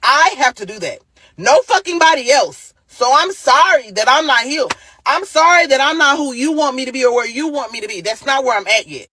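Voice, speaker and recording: A woman's voice: high-pitched, expressive, a little fast, bright, forceful tone, a little hiss or hum. A single mother venting in an exhausted, upset and profane way. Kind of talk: emotional vent.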